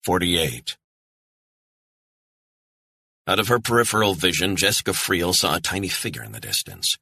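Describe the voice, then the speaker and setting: A man narrating a thriller audiobook in a tense, measured way. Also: deep voice, animated, gravelly, bright, forceful tone, breathy edge, no room sound, studio quality.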